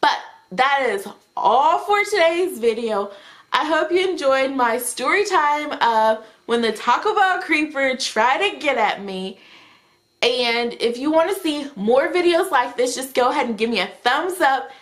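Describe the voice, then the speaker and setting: Young woman vlogger, casual storytime, lively and chatty, pitched a bit high. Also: unhurried. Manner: animated, chatty retelling with frequent "like".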